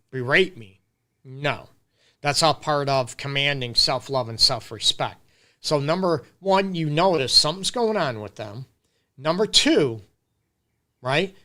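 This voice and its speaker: Middle-aged male counselor, bright tone, earnest live-stream advice talk, keeps checking in with listeners. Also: mid-range voice. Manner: earnest, conversational, keeps asking "you get me?"; lists points with repetition and emphasis. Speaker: relationship counselor hosting a live Q&A.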